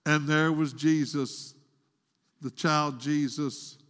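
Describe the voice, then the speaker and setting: This man's voice sits on the high side, a bit bright, with fairly even intonation and a slow pace. Preaching a sermon in a church, recorded with long hall reverb, he dramatically retells a story, rising into pleading and voicing the quoted woman in a raised pleading tone.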